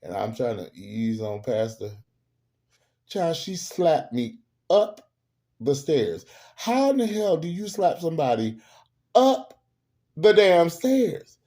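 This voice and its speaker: Mellow, animated man telling stories. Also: mid-range voice, unhurried. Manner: animated, emphatic, profane humor. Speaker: host. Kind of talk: casual storytelling monologue.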